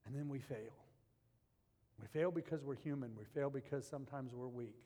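A man preaching a sermon, moving between hushed, intimate passages and loud, emphatic ones. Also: medium pitch, normal speed. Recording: long hall reverb.

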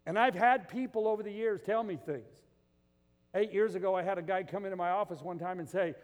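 A man's voice: sits high, fast, long reverb tail. A male pastor preaching a sermon, telling stories with acted-out quotes and building to emphatic peaks. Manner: animated storytelling, acts out quoted voices, rises to emphatic peaks.

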